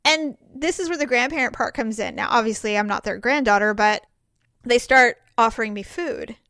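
A woman chats casually, telling family stories with lively energy and slipping into the voices of relatives. Her voice sits a little high. The sound is dry and close, with no room around it. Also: moderate pace, no room sound. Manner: animated, acts out voices of family members while telling stories. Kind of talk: casual chat, storytelling.

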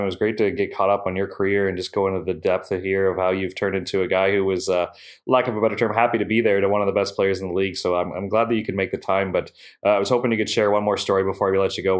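A man hosting an interview, winding it down in a friendly way. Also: low voice. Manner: friendly, laughs along with the guest. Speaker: podcast host. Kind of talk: casual interview.

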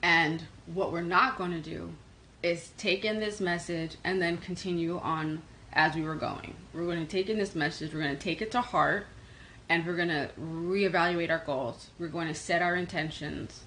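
A woman from New York with a New York accent, hosting a casual tarot livestream and answering comments in a quick, energetic way. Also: fairly low pitch, slight background noise, poor audio. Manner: fast-talking, energetic, reads comments aloud. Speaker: livestream host doing tarot readings.

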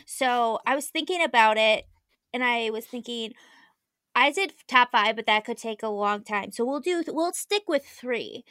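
Slow-talking, bright-voiced woman. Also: fairly high pitch, no echo. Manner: easygoing, laughs often. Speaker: podcast co-host. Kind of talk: casual chat.

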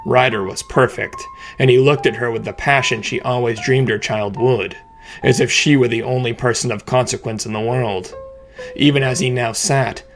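A man's voice: steady tone, poor audio. Man narrating a thriller over music. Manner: measured, dramatic, low-key. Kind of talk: scripted audiobook narration.

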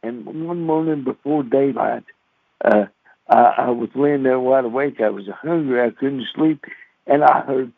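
A man's voice: mid-range voice, a little slow, no room sound. A man, preaching on the radio with a folksy, repetitive storytelling manner. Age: 60s. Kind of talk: radio sermon with personal story. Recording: dry phone-like radio sound.

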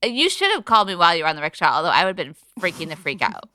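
A young woman co-hosts a casual podcast in a chatty, teasing way. Her pitch swoops widely and her voice is bright and smooth. The sound is dry and close. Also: very animated, racing, dry recording. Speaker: podcast co-host. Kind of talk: casual chat.

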